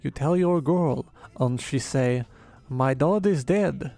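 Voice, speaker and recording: A man putting on a hammy, vaguely European voice to read out a joke story with slow, drawn-out delivery. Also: medium pitch, creaky, mellow, no echo. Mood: mock-dramatic.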